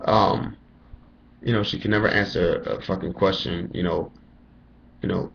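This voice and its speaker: Young man, lowish voice, profane rambling storyteller, muffled lo-fi webcam sound. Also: steady tone, normal speed, vocal fry, pauses often, fairly bright tone, slight background noise. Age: young adult. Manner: profane, rambling, lots of "you know" fillers. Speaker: college student telling his story. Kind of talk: casual storytelling rant. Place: indoors at home, dim room.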